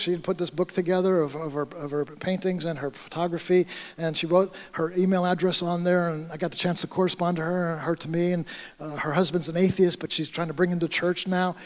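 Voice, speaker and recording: A high-pitched American man preaches a sermon, acting out the conversations in his story with animated energy. His voice rings through a church hall with a long reverb trail. He is a pastor speaking to his congregation. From United States.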